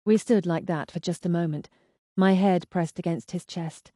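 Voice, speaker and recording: A woman narrating a first-person mystery novel in an even, expressive storytelling manner. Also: on the low side, normal speed, no room sound, studio quality. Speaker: audiobook narrator.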